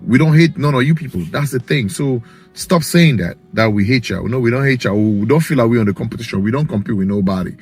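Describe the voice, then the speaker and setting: A man's voice: medium pitch, expressive, fast, husky, faint music behind. A man speaking in a casual vlog, blunt and insistent.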